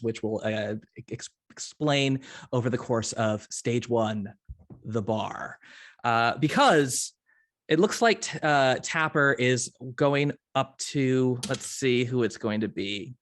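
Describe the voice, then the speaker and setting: A man's voice: medium pitch, fairly bright tone. A man as game master, genially explaining rules with stumbling restarts. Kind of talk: running a tabletop game.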